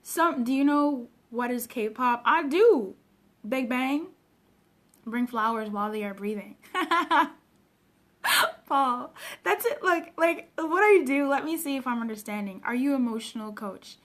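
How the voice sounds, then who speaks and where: On a casual live stream recorded at home by webcam, a woman from Africa with a high, bright voice speaks earnestly and with feeling. She coaches personal development and answers viewer comments directly to the camera, animated yet slow-paced.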